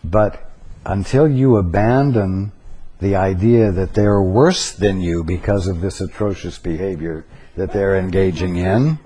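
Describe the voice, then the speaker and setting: A man giving a spiritual teaching talk, slow and deliberate, pausing to stress single words. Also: fairly low pitch, warm tone.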